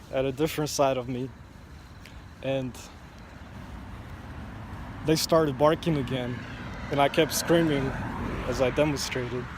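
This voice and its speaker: Man, mid pitch, slow reflective vlog storyteller, faint street traffic behind. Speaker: vlogger. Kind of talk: first-person storytelling vlog.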